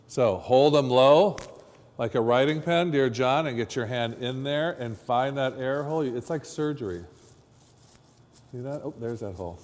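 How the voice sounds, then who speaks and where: A man's voice: mid-range voice, a little mellow. Chatty man teaching in a reverberant hall. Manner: chatty, coaching, quizzes students. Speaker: floristry instructor. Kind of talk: hands-on demonstration lesson.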